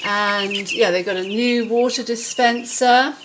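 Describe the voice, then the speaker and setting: Slow, hesitant woman explaining at home. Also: a little high, noisy background. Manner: slow, hesitant, with many ums. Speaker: home demonstrator. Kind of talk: casual home tutorial.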